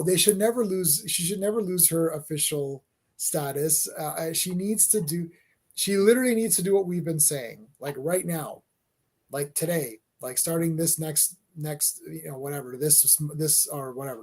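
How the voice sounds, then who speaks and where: Excitable high-voiced man rambling. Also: moderate pace. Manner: rambling, excitable, acts out scenes. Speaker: co-host. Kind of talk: casual wrestling chat.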